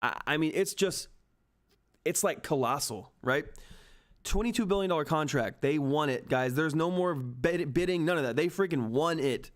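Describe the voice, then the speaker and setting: A man runs a live stock market stream, talking to his chat in a slightly higher voice. He sounds hyped and emphatic and keeps repeating his points for emphasis. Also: normal speed. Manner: hyped, repetitive, emphatic, swears mildly. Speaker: stock market livestream host. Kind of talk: excited live market commentary to chat viewers. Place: at home.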